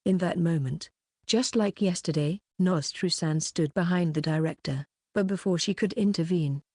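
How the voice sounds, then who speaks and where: Dry, low-voiced woman narrating a novel. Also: moderate pace, darkish tone, no echo. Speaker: audiobook narrator. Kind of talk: scripted narration.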